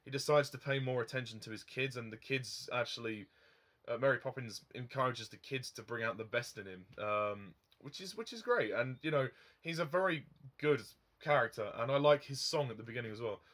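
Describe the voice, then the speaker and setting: A man's voice: medium pitch, expressive, brisk, a bit bright. Rambling man reviewing films. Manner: rambling, frequent ums, chuckles at own remarks. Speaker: film reviewer. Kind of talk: casual film review monologue.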